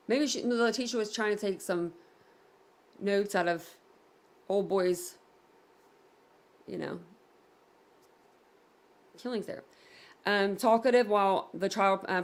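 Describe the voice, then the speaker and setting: A woman hosts a casual livestream chat, rambling loosely and filling her talk with "like" and "um". Her voice sits in a middle range with a gravelly edge to it. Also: medium pitch. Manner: rambling, many fillers, reads comments aloud. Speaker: livestream host reading chat.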